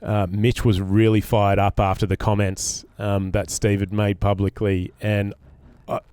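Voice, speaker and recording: Australian man, low pitch, smooth clear voice, halting with ums, dry sound. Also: level tone, mellow, no room sound. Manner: hesitant, many ums and restarts. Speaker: cricket podcast co-host, former player. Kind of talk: casual chat, storytelling.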